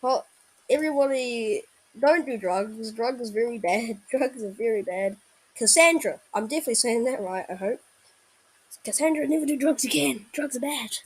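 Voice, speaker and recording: A woman's voice: on the high side, lively intonation, moderate pace, breathy edge, rough recording. A woman chatting casually to viewers as she reacts to a video, often apologizing in asides. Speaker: reaction vlogger.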